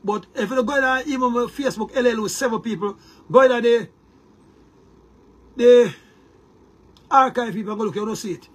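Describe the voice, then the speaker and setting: A man's voice: very high voice, normal speed, long pauses. A Jamaican man delivering a heated, boastful monologue to his viewers, repeating words and restarting often. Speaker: online commentator.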